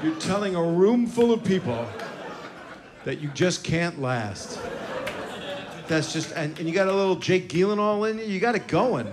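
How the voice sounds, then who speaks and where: Speaking into a stage mic at a comedy club, this stand-up in his sixties has a high-sitting, animated voice at a moderate pace. His set is brash and profane, with crowd teasing between stories, and the live recording is noisy.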